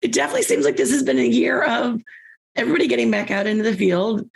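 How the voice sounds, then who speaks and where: Brief: hoarse podcast host, woman, gravelly and raspy from a cold, chatty delivery. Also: expressive, fast. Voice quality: scratchy, squeaky voice. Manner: chatty, repeats words while thinking. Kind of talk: conversational podcast hosting.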